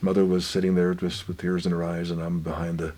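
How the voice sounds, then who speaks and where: An older man gently telling family stories in an unhurried, reflective way, his voice often dropping quiet. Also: deep voice, little pitch movement. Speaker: guest author.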